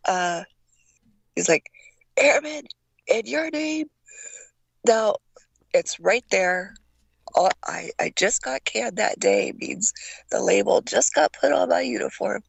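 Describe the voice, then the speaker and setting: Older woman guest from Taiwan, gravelly and husky voice, dry close sound, halting storyteller. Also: medium pitch, no echo. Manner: stammering, acts out voices in her stories. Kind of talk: casual storytelling.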